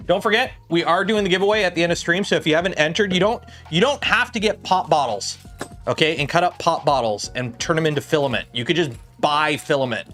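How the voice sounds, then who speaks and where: A man with a slightly raised speaking pitch hosts a casual livestream from his workbench and drifts between topics. He talks in a loose, rambling way full of "like" and "uh", and faint music plays underneath. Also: fairly bright tone. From Canada. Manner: rambling, chatty, filler-heavy. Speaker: livestream host.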